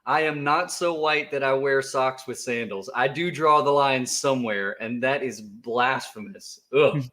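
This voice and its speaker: A man's voice: medium pitch, a little slow, bright, forceful tone. A man co-hosting a casual livestream, joking around with his co-host and reading viewer chats in a playful, teasing way. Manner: joking, playful, slips into silly voices.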